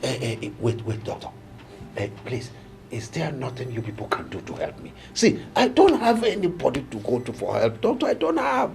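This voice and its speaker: A man's voice: medium pitch, huge pitch swings, normal speed, gravelly, darkish tone. A man with a Nigerian accent playing a desperate poor village hunter who pleads and cries out. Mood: pleading. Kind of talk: Nollywood film acting.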